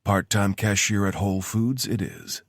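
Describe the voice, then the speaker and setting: Man reading a joking soldier, deep voice, husky, dry deadpan banter. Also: normal speed, dry recording. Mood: wry. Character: wry soldier, joking with his lover.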